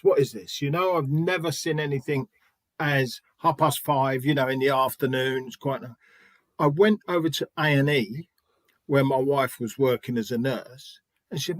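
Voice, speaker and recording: A man's voice: mid-range voice, no room sound. A middle-aged man and spiritualist medium telling stories in an interview, chatty, restarting often and acting out quoted dialogue. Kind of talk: anecdotal interview storytelling.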